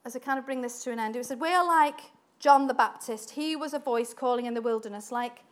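Animated high-voiced woman preaching. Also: fairly quick. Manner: animated, acts out quoted voices, laughs often. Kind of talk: sermon.

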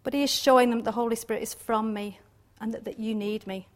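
Woman, informal Bible teacher, slightly high-pitched, chatty with frequent tag questions. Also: steady tone, a little fast. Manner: chatty, laughs often, many tag questions. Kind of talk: informal devotional talk.

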